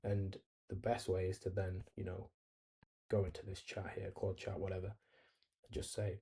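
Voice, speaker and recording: A man's voice: deep voice, flat delivery, measured pace, long pauses, mellow, husky. A man hosting a screen-recorded coding tutorial, talking easily and thinking aloud as he types and reads replies. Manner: easygoing, thinks aloud while typing and reading replies. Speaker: tutorial host.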